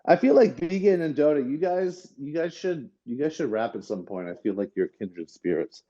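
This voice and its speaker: A man's voice: on the high side, lively intonation, moderate pace, warm tone. A man co-hosting a casual podcast, rambling and hesitant, full of fillers and restarts. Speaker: podcast co-host. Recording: dull lo-fi audio.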